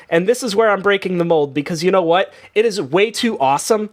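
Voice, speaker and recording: Brief: male comedy host, high and very lively voice, rambling, chatty, quick to laugh. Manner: rambling, laughing, lots of restarts. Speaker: game show host. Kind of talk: casual comedic banter.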